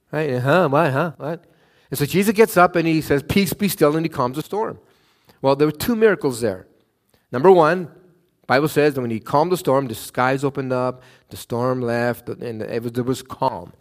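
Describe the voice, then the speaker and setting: A middle-aged man from Canada preaching a sermon, telling Bible stories and a personal story, acting out the quotes and often asking "right?". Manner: animated, acts out quotes with raised pitch, frequent "right?". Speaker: pastor.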